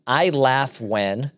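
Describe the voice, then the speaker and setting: A man's voice: mid-range voice, a bit bright. A man hosting a podcast in casual, joking chat, sarcastic most of the time. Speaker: podcast host.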